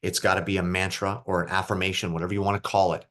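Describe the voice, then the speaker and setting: Deep-voiced man coaching young players. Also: little pitch movement, rapid-fire, a bit bright. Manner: asks the group questions, casual and encouraging. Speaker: youth hockey mental coach. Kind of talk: online group coaching session.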